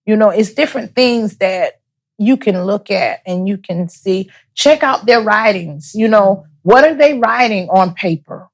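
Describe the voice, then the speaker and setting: A woman speaking as an interview guest, giving personal testimony as a bereaved mother, soft-spoken and halting, often repeating her words. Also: medium pitch, expressive.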